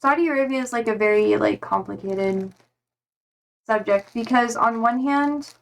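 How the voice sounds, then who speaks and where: A tired young woman livestreamer chatting casually, reading out viewer comments with lots of fillers and a slightly hoarse voice. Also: fairly high pitch, moderate pace. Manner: rambling, hesitant, many fillers and swear words.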